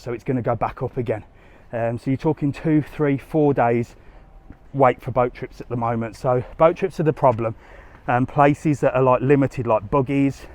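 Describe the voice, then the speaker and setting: A man's voice: medium pitch, a little mellow. A man talks to his viewers on a live walking tour. His tone is chatty and easygoing, and he sounds a little winded. He speaks into a handheld phone outdoors. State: slightly out of breath from walking. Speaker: travel vlogger. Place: outdoors on a busy resort street.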